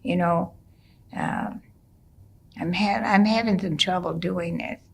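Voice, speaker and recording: Upset young boy begging his dad, stammering, slow gravelly voice, lady storyteller doing him. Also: on the low side, a little hiss or hum. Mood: pleading. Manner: pleading and faltering.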